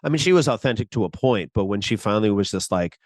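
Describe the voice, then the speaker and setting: A man co-hosting a podcast, discussing a TV episode in a lively way and acting out the characters' lines. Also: lowish voice, quick pace, dry recording. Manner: animated, acts out quotes, laughs easily. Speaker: podcast co-host. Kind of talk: casual discussion of a TV show.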